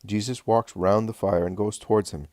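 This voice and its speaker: Low-voiced male narrator, steady audiobook reading, dry close sound. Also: normal speed, no room sound. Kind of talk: audiobook reading of religious prose.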